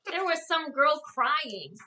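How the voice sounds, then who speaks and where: A woman's voice: high-pitched, animated, slow pace, noisy background. A woman co-hosting a casual political chat show, talking in a blunt, exasperated way and often restarting her sentences. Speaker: co-host.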